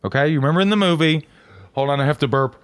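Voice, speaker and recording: A man's voice: racing, smooth. A man co-hosting a casual movie podcast, teasing his partner and swearing freely. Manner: lively, profane, teasing banter with swings in pitch. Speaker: podcast co-host.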